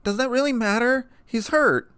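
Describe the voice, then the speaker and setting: A man reading aloud, voicing an anxious young female unicorn who shouts with strained urgency. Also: a little high, animated, fairly quick, clean tone, no room sound, voice pushed up. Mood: alarmed.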